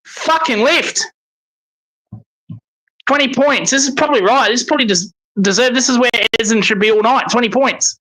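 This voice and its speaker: Male fan caller, bright forceful voice, excitable and sweary. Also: very high-pitched, quick pace, hardly any pauses, rough recording. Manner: excitable, swears in frustrated outbursts. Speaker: football fan commentator. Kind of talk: live watch-along commentary.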